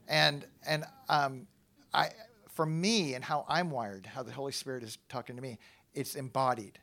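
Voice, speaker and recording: A middle-aged male pastor talks casually and animatedly to his congregation, with a gravelly edge in his voice. He mocks himself and restarts his sentences as he thinks aloud, pitched in an ordinary male range. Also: normal speed, sharp tone. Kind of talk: casual sermon talk.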